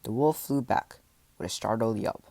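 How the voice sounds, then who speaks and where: Low-voiced man narrating a dramatic story. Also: normal speed, creaky, husky, dry recording. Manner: dramatic reading with voiced shouts and animal sounds. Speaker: audiobook narrator. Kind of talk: first-person story narration.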